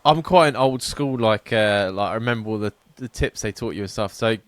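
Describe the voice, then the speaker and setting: A man's voice: fairly low pitch, fairly quick, no room sound. A man co-hosting a podcast, chatting through anecdotes with many fillers and restarts. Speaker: podcast co-host. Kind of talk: casual chat.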